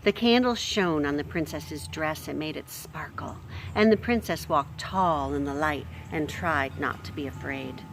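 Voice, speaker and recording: A woman reading a chapter book aloud to children in a gentle manner, talking to her listeners and explaining words as she goes. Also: low-pitched, unhurried, a little hiss or hum. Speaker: storybook reader. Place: home near a street.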